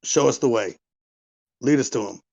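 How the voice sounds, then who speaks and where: A man's voice: medium pitch, lively intonation, normal speed, creaky, a little mellow, husky, dull audio. A man playing a character in a tabletop game, casual and joking. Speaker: player.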